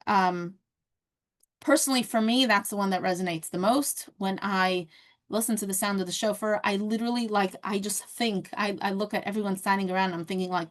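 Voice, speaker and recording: A woman's voice: medium pitch, steady tone, moderate pace. A woman teaching a casual class, telling a parable in a conversational way with many fillers and restarts. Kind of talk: casual lesson storytelling.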